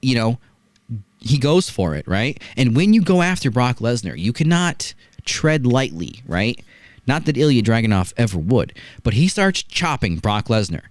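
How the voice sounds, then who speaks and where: This wrestling podcast host speaks with a lively, swinging pitch at a moderate pace, his voice dry and close to the mic with no room sound. In casual review chat, he tells the action as a story and keeps checking in with rhetorical asides.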